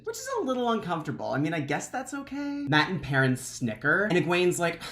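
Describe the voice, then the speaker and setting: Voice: mid-range voice, a little fast, hardly any pauses. A podcast host doing a playful, comedic book recap in a casual, joking way. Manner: playful and animated. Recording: roomy echo.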